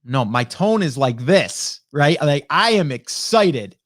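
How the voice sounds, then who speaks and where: A man's voice: on the high side, no room sound. Fired-up man hosting a live stream. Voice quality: energetic, fired-up, rapid talker. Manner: rhetorical "right?" and "okay?" tags. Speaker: livestream host. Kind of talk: casual live stream coaching. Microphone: broadcast dynamic studio mic.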